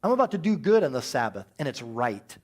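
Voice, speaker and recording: A male pastor giving a lively sermon, acting out the voices of the people in the story as he goes. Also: mid-range voice, fairly quick.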